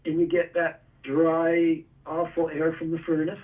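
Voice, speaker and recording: A man's voice: on the high side, completely flat delivery, a little slow, recorded from a distance. Man explaining over a tinny phone line. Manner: explains step by step, chuckles often. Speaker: guest, energy tool maker. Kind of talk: casual interview.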